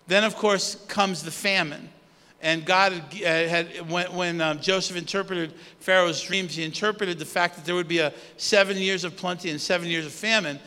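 A man preaches in a loose, conversational way, pausing on fillers and restarting his sentences. His voice sits high and sounds bright and forceful. A long reverb trails each phrase, as if he is in a large hall. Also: fairly even intonation. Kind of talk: sermon.

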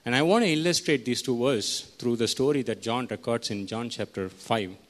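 A man with a mid-range voice preaches a sermon at a moderate pace. He teaches verse by verse and puts questions to the congregation.

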